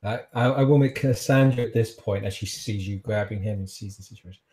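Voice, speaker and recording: A man's voice: lowish voice, a little fast, darkish tone. A man narrating as game master, rambling and hesitant, with many fillers.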